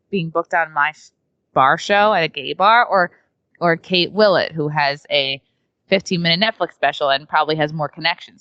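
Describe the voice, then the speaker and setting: A woman comedian from New York chats freely as a podcast guest, her speech full of filler words. Her voice sits a little low, and the recording is dry and dull. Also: fairly bright tone, no echo. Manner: chatty, many fillers. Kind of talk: casual storytelling in an interview.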